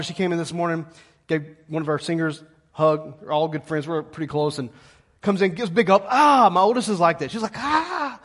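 A middle-aged man preaching a sermon as pastor, lively and calling on the congregation to answer back. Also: fairly high pitch, breathy edge. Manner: lively, calls congregation to respond.

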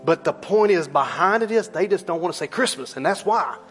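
A middle-aged male pastor preaching a sermon in a church, emphatic and conversational, repeating lines and slowing down low on key words. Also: expressive, breathy edge, faint music behind. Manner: rises loud for emphasis, drops low and slow on key words.

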